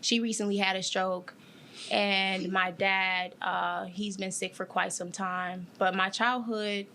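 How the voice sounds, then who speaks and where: Young woman, bright and crisp tone, candid and emotional, halting with fillers. interview guest. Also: mid-range voice, fairly even intonation. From Detroit, USA. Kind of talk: personal interview.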